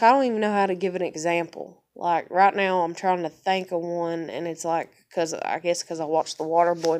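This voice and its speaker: A woman with a daughter giving a blunt, heated personal rant to camera, swearing nearly every sentence and using y'all and fixing to. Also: on the low side. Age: adult with a daughter. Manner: profane, heated, swearing constantly; Southern-style speech with y'all and fixing to. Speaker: vlogger.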